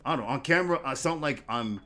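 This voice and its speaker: A man hosting a casual interview podcast, talking in a halting way with repeated words and lots of fillers. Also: medium pitch, expressive, sharp tone. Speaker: podcast host.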